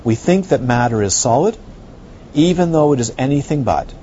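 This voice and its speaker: A male Buddhist teacher delivers a lively, animated dharma talk at a moderate pace, firing off rhetorical questions and acting out others' reactions. His pitch is an ordinary middle. The recording is dull and slightly lo-fi, with a faint hiss underneath.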